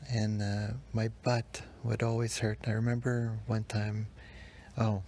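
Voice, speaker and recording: A man hosting a podcast, telling his personal story in an emotional, halting way, sometimes dropping into a whisper. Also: fairly low pitch, flat delivery, slight background noise. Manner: emotional, halting, with restarts and soft whispered moments. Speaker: podcast host.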